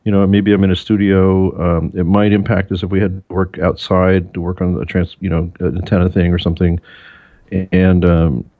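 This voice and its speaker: Low-voiced man on a tinny phone line. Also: normal speed, no echo. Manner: relaxed storyteller, animated when quoting others. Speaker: broadcast engineer guest. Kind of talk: casual interview chat.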